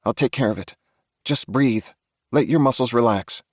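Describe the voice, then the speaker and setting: A man's voice: medium pitch, moderate pace, no echo, studio quality, pitched above the performer's own voice, natural voice. A man voicing a tearful young woman survivor. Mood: tender. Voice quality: soft, pleading, sniffling delivery. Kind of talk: audiobook character voice.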